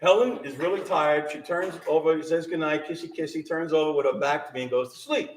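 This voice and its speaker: A man's voice: fairly high pitch, fairly even intonation, brisk, far from the mic. A middle-aged man animatedly telling a ghost story to a small live audience, laughing and acting out the voices. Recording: roomy sound from off-mic.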